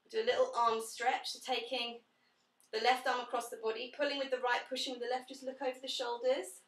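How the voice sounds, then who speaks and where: A young woman leads a pilates session, cueing breathing and giving friendly corrections to participants. Her voice is bright and crisp. It sounds echoey and distant, as if she is standing away from the mic. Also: a little high, little pitch movement, brisk. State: out of breath at times. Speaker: pilates instructor. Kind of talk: live online fitness class instruction.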